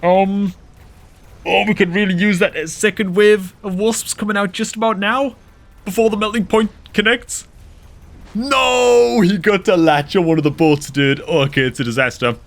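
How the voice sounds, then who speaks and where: A man casting a replay of a strategy video game, excitable and quick to exclaim, often calling his listeners dude and man. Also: sits high. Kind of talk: excitable gameplay commentary.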